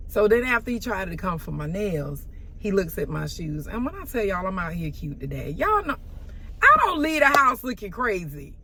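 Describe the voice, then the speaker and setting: A woman telling a story in a casual vlog, sassy and animated, with sudden loud exclamations and soft asides. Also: medium pitch, moderate pace, breathy edge.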